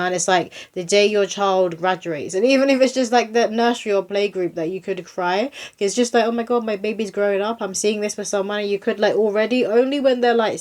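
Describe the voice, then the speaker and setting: Young woman, psychic reader, casual and rambling, low-ish voice, slows down to read verses. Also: a little mellow. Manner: chatty, rambling, with many fillers and restarts; reads short poems aloud slowly. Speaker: psychic medium doing a tarot reading. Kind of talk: casual spiritual reading.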